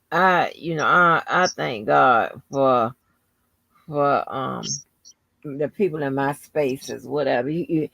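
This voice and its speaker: A man in casual chat, talking in a slow, laid-back way. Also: on the high side, creaky, a bit bright, dry recording. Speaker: podcast co-host. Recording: dull lo-fi sound.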